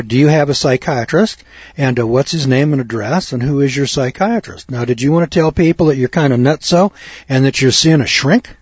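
Man, husky voice, cocky folksy rant, dull dry recording. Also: mid-range voice, darkish tone, dry recording. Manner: cocky, ranting, mimics others in quotes. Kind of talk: folksy storytelling monologue.

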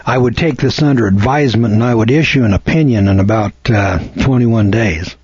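Stern older male judge quoted by a man, firm and measured, husky, dull lo-fi sound. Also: medium pitch, a little mellow, no echo, close to an everyday voice. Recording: dull lo-fi recording.

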